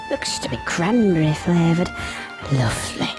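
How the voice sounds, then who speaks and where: A woman's voice: lowish voice, expressive, normal speed, lightly acted. A woman voicing a genteel, prissy female cow in a video game cutscene. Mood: prim. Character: prim fussy female cow. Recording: game audio with music behind.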